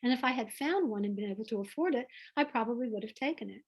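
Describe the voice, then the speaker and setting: A woman with a Southern US accent, speaking earnestly and warmly about her life in an online author conversation. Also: on the high side, animated. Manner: earnest, heartfelt, unhurried. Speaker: author guest. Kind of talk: reflective conversation over video call. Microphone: video call.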